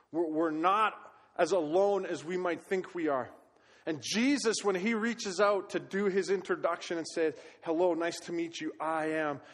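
A man preaching a sermon to his congregation, telling everyday stories with animated energy and sometimes hollering. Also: sits high. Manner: animated storytelling, hollering when quoting himself. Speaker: pastor. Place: church sanctuary. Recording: long reverb of a church hall.

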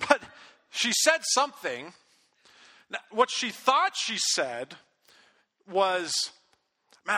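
Male pastor, animated storyteller, high and sharply bright, recorded in a reverberant hall. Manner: animated storytelling, acts out his own angry outbursts. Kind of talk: sermon. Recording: long reverb of a big hall.

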